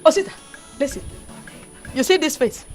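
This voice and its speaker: A woman's voice: high-pitched, expressive, normal speed, faint music behind. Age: adult. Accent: Nigerian. A woman playing a fierce mother who hurls insults at a young woman. Style: Nollywood film acting. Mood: mocking. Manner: scolding, insulting. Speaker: mother scolding her son's girlfriend.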